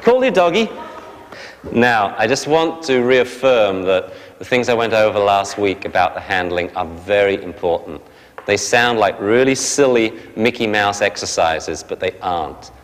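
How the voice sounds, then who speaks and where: A man teaching a dog training class, explaining briskly and barking short sharp commands at the dogs. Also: on the low side. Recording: long hall reverb.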